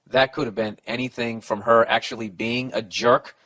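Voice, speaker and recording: A man's voice: mid-range voice, steady tone, moderate pace, a bit bright. A man hosting a comedy podcast, reading a letter and giving advice in a profane, rambling, heated way.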